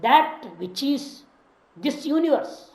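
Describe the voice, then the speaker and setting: A woman's voice: sits high, lively intonation, slow, darkish tone, reverberant, poor audio. A woman teaching a scripture class, reciting Sanskrit phrases and explaining them word by word in English. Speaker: Vedanta teacher.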